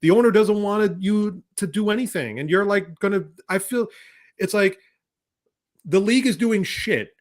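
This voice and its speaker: A man's voice: high voice, normal speed. A man co-hosting a podcast in casual chat, ranting heatedly with profanity and exasperation. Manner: often mimics other people's voices. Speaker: podcast co-host.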